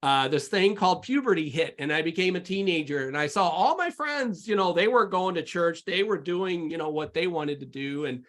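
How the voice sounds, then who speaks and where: A man with a fairly high, slightly bright voice appears as a podcast guest and shares his personal faith testimony. He's an adult with sons, and he talks candidly and ramblingly, full of fillers and restarts.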